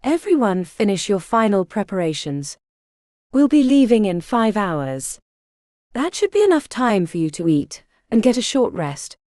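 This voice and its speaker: A woman voicing a steady male co-leader who gives final orders in a calm, matter-of-fact way. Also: medium pitch, unhurried, no room sound, studio quality.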